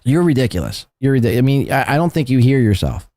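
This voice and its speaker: A man hosting a podcast, commenting on played clips in a mocking, sarcastic way that swings up into a high pitch when he ridicules someone. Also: sing-song, quick pace, darkish tone, no echo. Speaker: podcast host.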